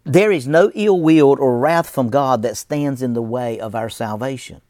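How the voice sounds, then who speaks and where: A man's voice: medium pitch, moderate pace, a little mellow, no echo, studio quality. A man preaching a sermon as a pastor, emphatic, with a repetitive preaching cadence.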